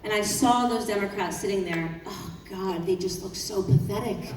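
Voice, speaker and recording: A woman's voice: mid-range voice, expressive, fairly quick, few pauses, warm tone. A woman giving an impassioned political speech at a youth summit, fiery and mocking, building to emphatic peaks. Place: large conference hall. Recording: echoey hall, heard from a distance, audience noise.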